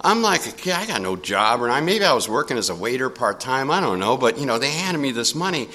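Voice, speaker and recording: An older man telling a personal story in a casual, animated way, chuckling often. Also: mid-range voice, fast talker.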